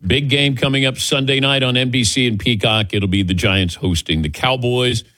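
A man's voice: medium pitch, moderate pace, sharp tone, dry recording. A man hosting a sports radio show, chatting casually and laughing easily with his crew.

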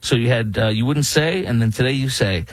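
Middle-aged man, slightly husky, dry close-mic sound, indignant monologue commentator who mocks every quote he reads. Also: medium pitch, a little fast, dry recording, low-quality recording. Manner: indignant, mocking, reads quotes aloud then rebuts them. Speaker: political commentator.

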